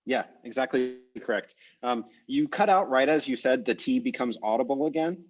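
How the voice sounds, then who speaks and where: A man teaches an online language class over a video call, speaking casually and thinking aloud as he works things out. His voice is medium-pitched at a normal speed, and the call audio is dull and muffled.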